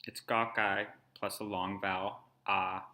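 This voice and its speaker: A man narrating a screen-recorded tutorial, explaining calmly and step by step. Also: deep voice, unhurried. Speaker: language instructor.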